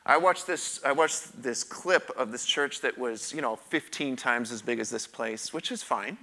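Bright-voiced man preaching candidly. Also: medium pitch, a little slow. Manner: candid, conversational preaching with emphatic repetition. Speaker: pastor. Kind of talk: sermon with personal testimony.

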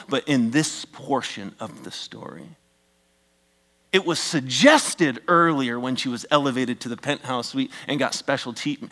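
Using a mid-range voice with vocal fry, a middle-aged pastor delivers a lively sermon, joking with the congregation and moving between loud, forceful outbursts and quiet near-whispers.

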